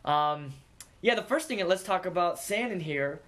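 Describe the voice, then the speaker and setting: A man's voice: high-pitched, animated, a little slow, over loud music. A young man hosting a casual podcast, joking and teasing with friends, often restarting his sentences. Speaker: podcast host.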